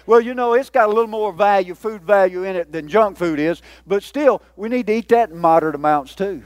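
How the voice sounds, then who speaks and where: A man preaching a sermon, teasing his listeners as he goes. His voice sits high for a man. The sound is dry and close, with no room echo. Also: brisk. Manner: folksy, joking with the congregation. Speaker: pastor.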